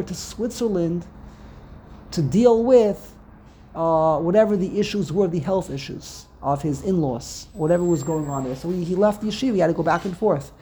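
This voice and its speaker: A man's voice: sits high, mellow, a little hiss or hum. A man casually teaching a class, rambling and repeating words as he tells stories. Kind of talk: casual Torah discussion.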